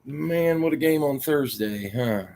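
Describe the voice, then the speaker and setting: A man's voice: mid-range voice, expressive, a little slow, vocal fry, dark tone, slight background noise. A man hosting a casual stream, reading out names for a football squares board and grumbling when his tablet loses his numbers. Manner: grumbling, frustrated, muttering to himself. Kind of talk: casual live-stream chat.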